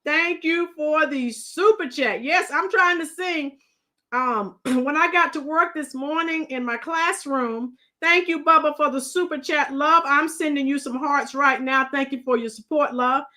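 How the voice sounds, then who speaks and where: A middle-aged woman with a high, bright voice hosts a casual livestream. She chats with her viewers and greets them as they arrive. Her voice is a little strained from shouting earlier. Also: unhurried. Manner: chatty, greets commenters, breaks into song. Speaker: livestream host.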